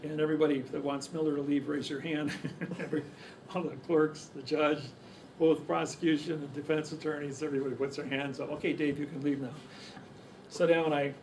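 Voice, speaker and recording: A man's voice: a little high, a little mellow. Rambling man telling stories from afar. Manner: rambling, stacks of restarts. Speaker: speaker telling stories to a crowd. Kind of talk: casual storytelling. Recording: distant mic, faint background noise.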